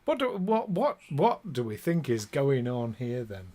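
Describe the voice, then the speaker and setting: A man's voice: medium pitch, very animated, a little slow, mellow. A man running an online tabletop game as game master, chatty, laughing often and easily sidetracked.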